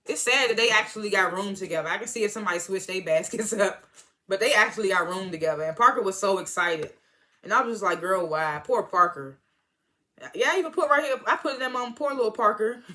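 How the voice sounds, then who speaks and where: A woman with a bright, forward voice talks through a reality episode in loose, slangy chat. She jumps into louder, excited retellings and laughs often between points. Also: mid-range voice, brisk. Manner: animated, slangy, swings into loud excited retellings; frequent laughs and filler words. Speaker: TV show reviewer. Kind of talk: casual recap and commentary.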